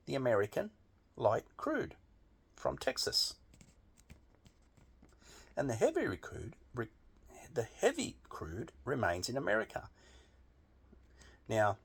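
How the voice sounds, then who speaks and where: A man's voice: medium pitch, vocal fry, fairly bright tone, breathy edge. A man delivering a blunt, emphatic opinion monologue with frequent swearing. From Australia. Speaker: political commentator.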